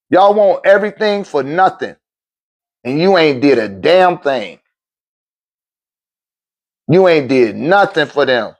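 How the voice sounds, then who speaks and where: A man ranting to his livestream viewers as a spiritual teacher, blunt, profane and animated, laughing often between phrases. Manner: animated, swings between loud outbursts and low muttering. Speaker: spiritual teacher and seller of metaphysical goods.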